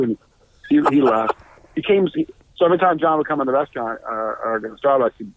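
Animated drummer telling a story over a thin line. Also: male voice, medium pitch, quick pace, dry recording. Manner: animated, acts out quoted exchanges. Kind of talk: storytelling in an interview. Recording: thin phone-like sound, dry.

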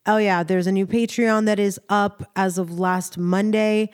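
A woman's voice: mid-range voice, fairly even intonation, unhurried, clean tone. Congested woman podcast co-host. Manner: chatty, rambling, enthusiastic. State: congested, nasal from a cold. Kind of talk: casual chat.

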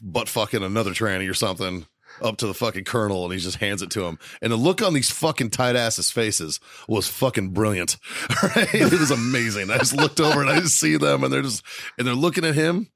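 A man's voice: mid-range voice, lively intonation, a little fast, creaky, a bit bright, no echo, clean studio sound. A middle-aged man, a podcast co-host, telling a profane story in a laughing, casual way.

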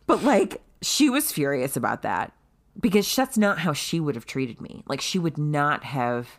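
A woman telling a story in casual chat, animated and swearing freely, loudly acting out what people said. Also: low-pitched, measured pace. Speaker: guest telling her birth story.

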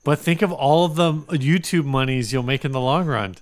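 A man's voice: medium pitch, brisk. A man co-hosting a casual podcast chat, teasing his friend and reading listings aloud with mock quotes. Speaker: podcast co-host.

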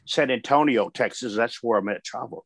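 A man's voice: medium pitch, brisk, creaky, dry recording. An older man, a veteran wrestler, telling stories in a casual chat, laughing often and acting out what others said. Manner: animated storyteller, laughs often, acts out quotes.

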